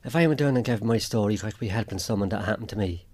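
A man's voice: lowish voice, rapid-fire, darkish tone. An Irish man giving a plain spoken account as an interview guest, acting out what others said to him. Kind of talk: personal account in a radio interview.

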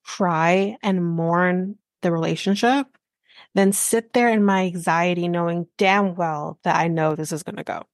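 A woman's voice: fairly low pitch, steady tone, unhurried, dry recording, clean studio sound. Blunt, swearing woman podcast host. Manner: blunt and exasperated, swears freely. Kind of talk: casual chat recapping a reality show.

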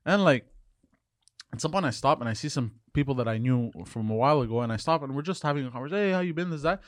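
A man co-hosting a podcast, telling a story in animated casual chat with swearing. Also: mid-range voice, fast, dry recording, studio quality. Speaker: podcast co-host.

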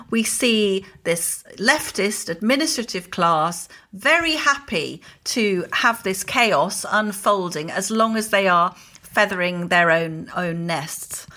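A woman's voice: medium pitch, bright, forceful tone. A woman, co-hosting a podcast and talking in an indignant, emphatic way. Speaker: podcast co-host. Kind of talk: opinionated casual chat.

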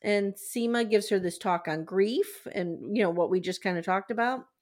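A woman's voice: mid-range voice, moderate pace. Chatty woman recapping a TV episode. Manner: animated retelling, acts out quotes. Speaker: podcast host. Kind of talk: casual TV recap chat.

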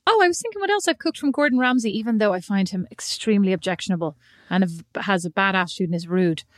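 Fast-talking animated woman, dry sound. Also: no echo. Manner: animated, laughs often, quick bursts of high pitch. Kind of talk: casual chat.

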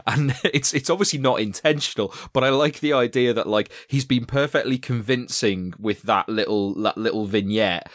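A man's voice: mid-range voice, normal speed, few pauses, fairly bright tone, no room sound, clean studio sound. Chatty man on a film podcast. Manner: chatty, rambling, laughs often. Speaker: podcast co-host. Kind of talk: casual film discussion.

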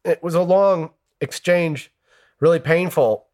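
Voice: mid-range voice, unhurried, a little mellow. An interviewee recalling painful dreams in an open, reflective way, laughing through the hard parts. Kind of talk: emotional personal recollection.

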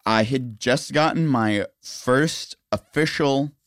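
A man hosting a podcast, a musician telling an anecdote in a casual, animated way. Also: mid-range voice, slow, smooth, no room sound, studio quality. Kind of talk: casual storytelling chat.

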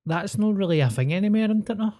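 Young Glaswegian guy, mellow warm tone, rambling podcast storyteller. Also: high-pitched, expressive, fast talker. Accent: Glaswegian Scottish. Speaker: podcast co-host. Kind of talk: casual chat.

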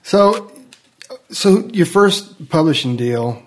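A man's voice: on the high side, expressive, slow pace. A man hosting a casual interview, mostly giving brief replies and short questions. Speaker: podcast host.

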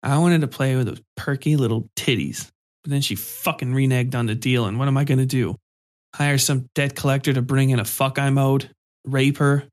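A man voicing a drunk, crude, leering male office worker who mutters slowly and sloppily. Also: medium pitch, steady tone, natural voice. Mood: bitter.

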